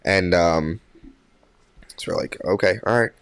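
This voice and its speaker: A young man tells a story as a podcast guest, in a voice a little lower than most. He rambles with plenty of fillers and restarts. The sound is dry and close. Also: a little slow, creaky, clean tone, dry recording. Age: young adult. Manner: animated when quoting others. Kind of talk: casual storytelling.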